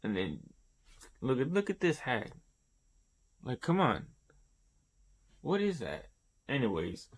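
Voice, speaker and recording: A man talking through a comic chapter in a loose, rambling play-by-play, dropping swear words as he describes each panel. He speaks slowly and in a mid-range voice, often pausing to search for words. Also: medium pitch, sing-song, bright, forceful tone. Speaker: host of a manga review show. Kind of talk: casual chapter review.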